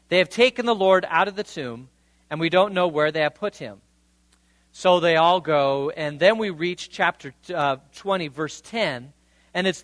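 A man's voice: high-pitched, pushed and bright, dry recording. A man preaching a sermon, reading scripture and retelling it in a casual, conversational way. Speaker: pastor.

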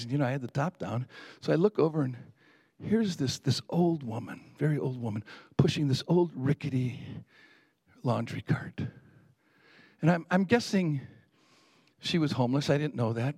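A man's voice: mid-range voice, moderate pace, a little mellow, husky, dry recording. A male pastor preaching a sermon in a conversational storytelling way, building up to emphatic peaks.

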